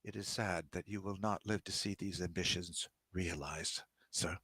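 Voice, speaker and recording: A man reading his novel aloud, voicing a cold, mysterious alien holy man who speaks slowly and solemnly. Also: steady tone, pushed and bright, husky, no room sound, full character voice. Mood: ominous. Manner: slow, low, solemn.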